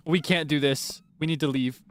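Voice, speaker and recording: A man's voice: on the high side, fairly even intonation, normal speed, a little hiss or hum. A young man streaming a game, chatting casually and nervously, scolding monsters on screen and laughing at himself. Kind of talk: casual gameplay commentary. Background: game music.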